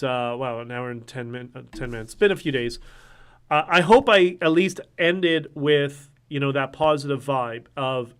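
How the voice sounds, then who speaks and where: A man hosting a casual livestream, talking in an animated, ranting way and swearing now and then. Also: on the high side, clear, resonant tone. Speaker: livestream host.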